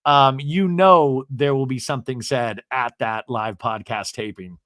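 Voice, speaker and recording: A podcast host with a medium-pitched voice recaps reality TV at an unhurried pace, chatty and gossipy, acting out quoted lines in lively voices. The clean studio recording has no room sound.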